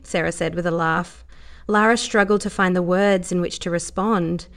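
A woman narrating an audiobook in a steady, measured way. Her voice sits fairly low for a woman.

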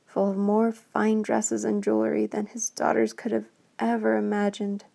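Slow whispering woman storyteller. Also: mid-range voice, gravelly. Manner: slow, hushed, half-whispered. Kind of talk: whispered bedtime story reading.

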